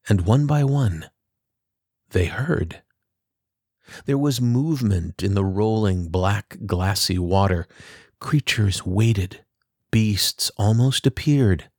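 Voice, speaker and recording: Slow, low-voiced male storyteller. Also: darkish tone, no room sound, studio quality. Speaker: narrator. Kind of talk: storybook reading.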